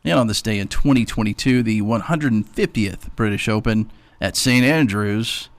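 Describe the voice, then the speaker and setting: Low-voiced man co-hosting sports radio. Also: no room sound. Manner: teasing, reads calendar items briskly. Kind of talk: casual sports radio chat.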